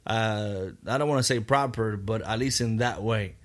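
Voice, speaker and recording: A man's voice: fairly low pitch, moderate pace, fairly bright tone. A man co-hosting a podcast in loose, chatty casual conversation. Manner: loose, chatty, trails into restarts. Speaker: podcast co-host. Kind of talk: casual chat.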